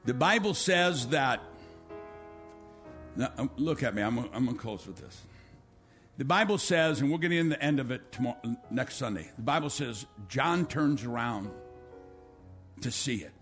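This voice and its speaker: A male pastor preaching a sermon, swinging between loud, rising calls and quiet, low appeals, acting out quotes and leading an altar call. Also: animated, normal speed, long pauses, soft background music.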